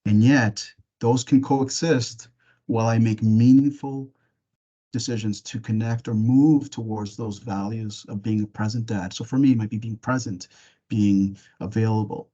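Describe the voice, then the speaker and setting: A man presenting a parenting webinar, gently walking listeners through reflective questions in a casual way with some fillers and restarts. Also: lowish voice, fairly even intonation, a little slow, highs cut off. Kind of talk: reflective webinar talk with guided imagery.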